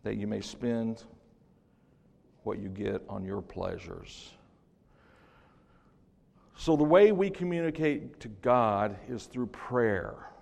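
An older man preaching a sermon as pastor in a church, swinging from hushed to loud with joking asides. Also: fairly low pitch, animated, takes it slowly, vocal fry, pauses often. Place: church sanctuary. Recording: long reverb of a church hall.

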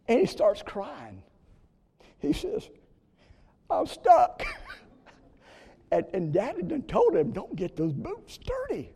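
Gravelly preacher in a reverberant hall. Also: male voice, sits high. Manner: storytelling, earnest preaching with sudden loud rises. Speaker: pastor. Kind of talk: sermon. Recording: long reverb of a church hall.

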